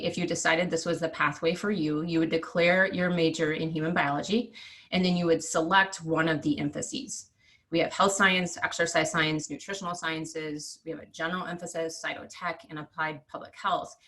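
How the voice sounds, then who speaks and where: A woman's voice: lowish voice, fairly bright tone. A woman, presenting degree options in a virtual information session over a video call, explanatory with frequent ums. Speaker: university presenter.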